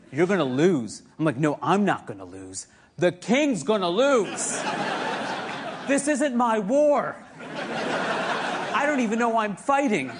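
A man doing a deadpan stand-up comedy set, recorded live in a club. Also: high voice, noisy background. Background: audience laughter.

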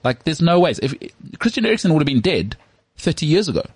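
A man co-hosting a casual sports podcast, animated and jokey, often slipping into mock voices. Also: fairly high pitch, fast talker, husky, no echo. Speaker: podcast co-host.

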